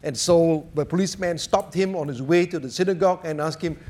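A man preaching a sermon, telling stories and jokes in an animated way. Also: on the high side, a little fast.

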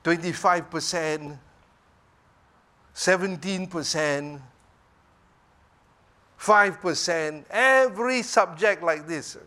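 A male preacher delivers a sermon in a high voice. He speaks slowly and emphatically. He keeps pausing to check that his listeners are following. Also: sharp tone.

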